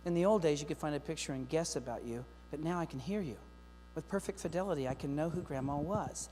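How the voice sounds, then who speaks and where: A middle-aged man giving a lively, joking keynote talk to teachers, speaking straight to the audience. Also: a little high, quick pace. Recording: long hall reverb with faint mains hum.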